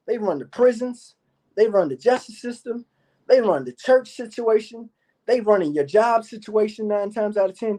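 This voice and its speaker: A man with a high, slightly mellow voice plays the brash YouTube commentator, swearing and boasting as he hypes his channel. His profane monologue to viewers is repetitive and pumped up.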